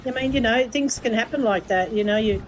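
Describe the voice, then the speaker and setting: A woman, a guest in casual chat, jokey and quick with asides. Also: fairly high pitch, a little hiss or hum, low-quality recording.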